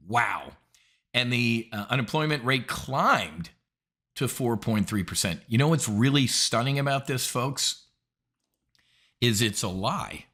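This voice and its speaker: An emphatic man hosts a trading show and rants about the markets. His voice sits at an ordinary pitch. He talks bluntly and indignantly, leaning hard on his points. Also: lively intonation, measured pace, bright, forceful tone. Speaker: options trading show host. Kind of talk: opinionated market commentary.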